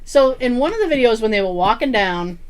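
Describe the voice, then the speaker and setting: In a relaxed podcast conversation, a woman co-host tells a story with lots of energy, voicing other people's lines and frequently breaking into laughter. She speaks fairly quickly, her voice on the high side.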